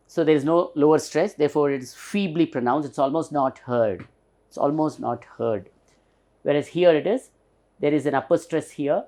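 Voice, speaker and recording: A man with an Indian English accent teaching a lesson, slowly repeating and stressing the example words. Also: a little high, dark tone. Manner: slow, repeats example words several times; stretches and stresses the demonstrated words. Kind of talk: recorded classroom lesson.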